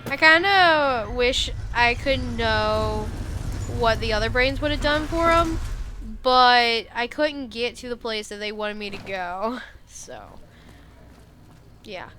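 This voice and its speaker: A woman's voice: a little high, slow, sharp tone, a little hiss or hum. A woman streamer giving casual, joking gameplay commentary and laughing often. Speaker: game streamer.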